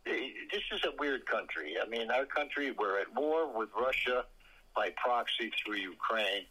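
A man talking politics on a radio show as a co-host, halting with many uhs but blunt in his opinions. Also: mid-range voice, expressive, pushed and bright, slightly rough, rough recording. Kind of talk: casual political talk.

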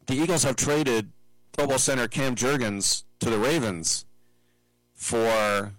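A middle-aged man hosting a sports talk show, chatting casually and wandering into side stories with quick mimicked asides. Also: on the low side, a bit bright, no room sound, poor audio. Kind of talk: casual sports commentary monologue.

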